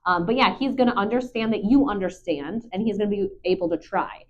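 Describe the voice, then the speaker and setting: Calm chatty lady dog trainer, mid pitch, kinda dull lo-fi sound. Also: brisk, a little hiss or hum. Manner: calm, patient, chatty with ums. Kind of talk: live dog training commentary. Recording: dull lo-fi recording.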